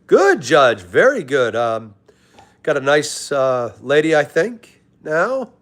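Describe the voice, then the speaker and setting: A young man hosting a live stream, casually greeting chatters by name and calling them brother. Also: a little high. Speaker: livestream host reading chat.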